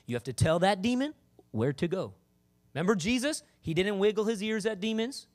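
A man delivers a fiery church sermon in a voice pitched a little high. He is emphatic and animated, driving his points home and calling out to the congregation. At times he drops low and slow into prayer. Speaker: preacher.

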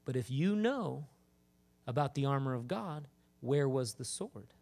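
A man preaching a lively sermon to a congregation, emphatic and calling out to them. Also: mid-range voice, measured pace, vocal fry. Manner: animated, emphatic, calls out to the congregation. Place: church with congregation.

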